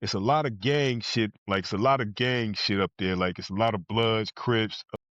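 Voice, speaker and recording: A man's voice: fairly low pitch, moderate pace, fairly bright tone, no echo, muffled recording. A man from New Jersey telling a blunt, profane story as a podcast guest and acting out other people's lines. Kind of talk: casual storytelling.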